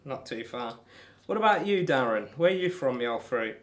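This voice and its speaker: A man's voice: medium pitch, animated, moderate pace. A man chatting casually on a live stream, reading out viewer comments and bantering between darts throws in a rambling, friendly way. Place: home room while throwing darts.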